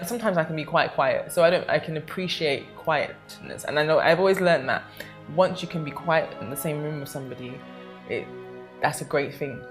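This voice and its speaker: A young woman talking casually to camera, chatty and affectionate, rambling with lots of fillers. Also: low voice. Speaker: vlogger.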